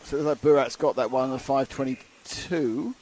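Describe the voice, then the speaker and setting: A man calls a model car race for a livestream, chatty and quick with jokes between the results. He sits in a commentary box at the circuit, and a faint noise hums behind him. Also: mid-range voice, a little mellow.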